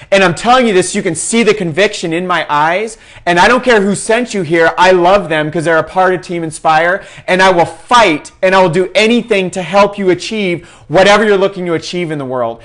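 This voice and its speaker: A man's voice: sits high, brisk, hardly any pauses, a bit bright. A young man giving a passionate, preachy recruiting talk to his sales team. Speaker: team leader in a sales network. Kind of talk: fervent recruiting pitch.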